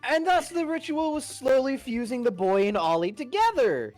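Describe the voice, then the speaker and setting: With a high-pitched voice at a moderate pace, a woman casually recaps a game session she played in, laughing and swearing as she tells the story in an animated way. Faint music plays in the background.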